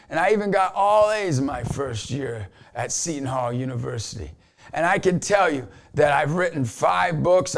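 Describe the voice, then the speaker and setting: Speaking in a fairly high, creaky voice, this man in his forties delivers Christian motivation straight to camera. He's emphatic yet conversational, coming back again and again to a catchphrase.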